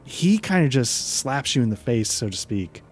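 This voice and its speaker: A man narrating as game master, relaxed and hesitant, with frequent fillers. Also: mid-range voice, moderate pace, faint music behind.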